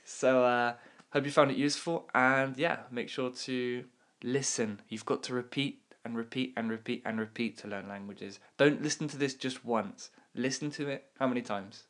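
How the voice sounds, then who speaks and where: A man's voice: mid-range voice, steady tone, moderate pace, a bit bright. A young man from Dorset with a slight West Country accent, hosting a language podcast in friendly, teasing chat with his mother. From Dorset, England. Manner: friendly, teasing questions, easy laughs. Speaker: podcast host. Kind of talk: casual chat.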